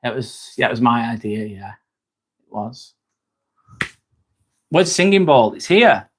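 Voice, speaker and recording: A man's voice: medium pitch, sing-song, a little slow, noisy background. A man hosting a casual live stream, joking, laughing often and answering chat comments.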